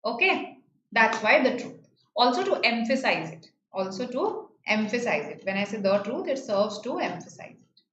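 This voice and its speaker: A woman's voice: a little high, sing-song, normal speed, fairly bright tone. A woman with an Indian English accent teaching an online grammar lesson, explaining patiently and checking in with her students. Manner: explains patiently, repeats key phrases, checks with "right?". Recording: slightly dull, roomy, faint noise.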